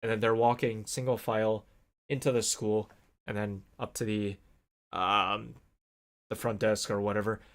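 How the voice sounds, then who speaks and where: A young adult man vlogging alone, telling a long casual story with many fillers and animated swearing-to-God asides. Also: lowish voice, normal speed, long pauses.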